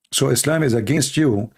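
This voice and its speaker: Gravelly, dark-voiced man talking bluntly. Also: medium pitch. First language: Arabic. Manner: blunt, repetitive, emphatic. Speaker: show host answering viewer questions. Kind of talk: casual live-stream talk.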